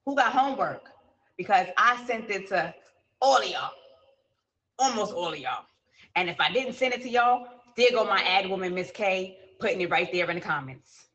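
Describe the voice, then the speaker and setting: A woman hosting a live-stream poetry show, chatting casually and teasing the guests in playful slang. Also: lowish voice. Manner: playful, teasing, loud Southern-inflected slang. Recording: dull lo-fi stream audio.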